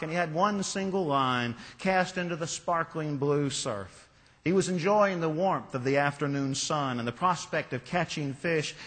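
A man's voice: fairly high pitch, fairly bright tone. Male preacher in a reverberant church. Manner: storytelling, with emphatic rising repetitions. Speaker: pastor. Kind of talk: sermon. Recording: long reverb of a large hall.

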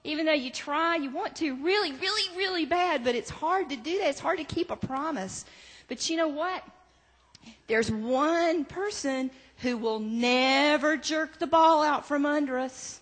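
A woman telling a story to children during a church service, animated and full of questions to them. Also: high-pitched, measured pace. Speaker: children's message leader. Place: church sanctuary. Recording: reverberant church sanctuary.

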